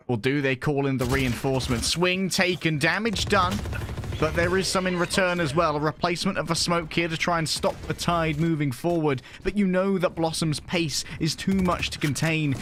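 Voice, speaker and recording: A man's voice: medium pitch, fairly bright tone, slight background noise. A young English man doing play-by-play esports commentary with jokey, playful asides. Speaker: esports caster.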